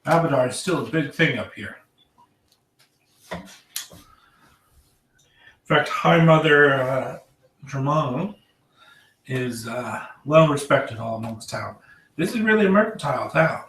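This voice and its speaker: A proud little female dwarf barkeep in a tabletop game, talking up her merchant town in a halting way full of fillers, as a man puts her on. She sounds like she is caught from across an echoey room by a distant mic. A faint hiss sits under her voice. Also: mid-range voice, expressive, fairly bright tone. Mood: matter-of-fact.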